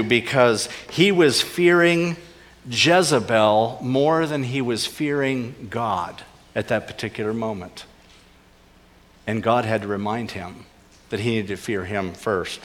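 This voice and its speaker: A man preaching with earnest conviction, pressing his points harder and then falling quiet and low. His mid-pitched voice carries a long reverb tail, as if in a large sanctuary. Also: a little slow. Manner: earnest preaching, rising emphasis, dropping to soft low asides. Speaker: pastor. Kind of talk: sermon.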